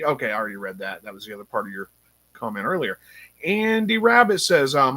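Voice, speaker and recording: A fairly high-voiced man hosts a relaxed live stream. He reads viewer comments aloud and muses on them in a chatty, rambling way, pausing often with ums as he thinks. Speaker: livestream host reading chat. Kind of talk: casual live-stream chat.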